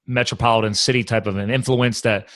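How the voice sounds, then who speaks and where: Fast-talking laid-back man host. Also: medium pitch, steady tone, a bit bright, dry recording. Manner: rambling, jokey, laughs often. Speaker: podcast host. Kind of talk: casual conversational interview.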